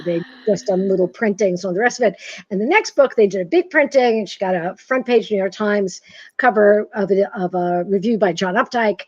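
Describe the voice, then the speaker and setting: A woman in her sixties from Massachusetts, an author telling stories as a guest in a casual interview, animated and self-deprecating. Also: mid-range voice, a little fast, no echo. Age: 60s. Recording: dull, dry sound.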